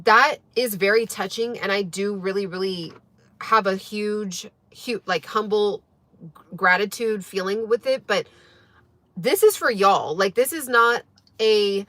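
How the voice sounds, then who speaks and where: A woman's voice: mid-range voice, unhurried, fairly bright tone, no echo. Earnest woman, dry close sound. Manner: earnest, emphatic, filler-heavy, often asks "right?". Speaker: wellness channel host. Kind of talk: casual livestream talk to viewers.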